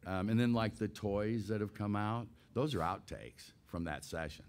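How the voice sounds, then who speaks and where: A man in his sixties with a slightly low voice tells a backstage story as an interview guest. He is animated and laughs easily. He acts out the scenes as he goes. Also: moderate pace. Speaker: guest voice actor. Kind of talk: casual anecdotal storytelling.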